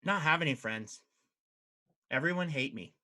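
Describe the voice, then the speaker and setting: A man voicing a tiny, bloodthirsty, childlike red cap creature that chants slowly in a sing-song way and clings to its "mama.". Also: a little high, lively intonation, sharp tone. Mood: clingy whine.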